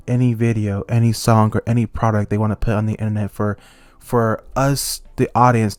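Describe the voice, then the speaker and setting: A young man talking into a close mic as a YouTuber, ranting heatedly and swinging between angry outbursts and calmer stretches. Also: lowish voice, no room sound. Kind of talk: ranting commentary.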